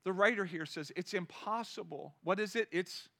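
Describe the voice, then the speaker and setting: A male pastor preaching to his congregation, with a high voice. His tone is bright and forceful, chatty one moment and loudly impassioned the next, and he keeps asking the room questions. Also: normal speed, vocal fry. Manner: conversational, rising to impassioned cries. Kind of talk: sermon. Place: church.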